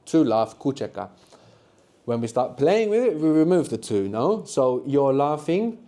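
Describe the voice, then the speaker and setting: Male language teacher running a live classroom workshop, warm mellow tone, encouraging, keeps checking in with the group. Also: mid-range voice, sing-song, moderate pace. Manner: encouraging, quizzes the group with frequent tag questions. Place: classroom with students.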